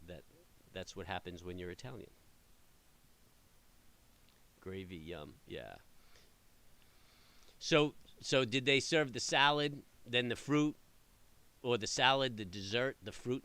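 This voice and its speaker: Chatty New man, bright voice. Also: on the low side. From New York area. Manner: rambling, animated storytelling with many fillers. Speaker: trading channel host. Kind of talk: casual chat answering live viewers.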